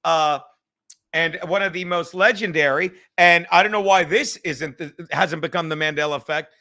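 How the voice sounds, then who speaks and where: The host here is a man whose pitch is fairly high and whose speed is normal. On his casual livestreamed podcast, he swears and rambles through lively stories and reads viewer messages aloud.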